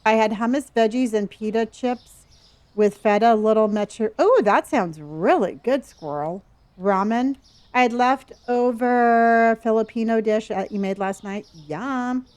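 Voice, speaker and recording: Middle-aged lady streamer, kinda high voice, playful and chatty with chat. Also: a little slow, darkish tone, clear, resonant tone. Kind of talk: casual live-stream chat with viewers.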